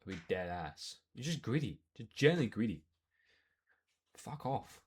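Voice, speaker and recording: A man's voice: on the low side, sing-song, moderate pace, pauses often, breathy edge. A young man hosting a reaction video, ranting heatedly with plenty of swearing.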